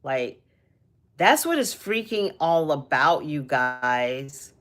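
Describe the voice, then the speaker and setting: A woman's voice: deep voice, animated, slow pace, fairly bright tone. A young woman hosting a casual livestream, talking about energy and purpose, emotional and rambling with many restarts. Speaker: livestream host.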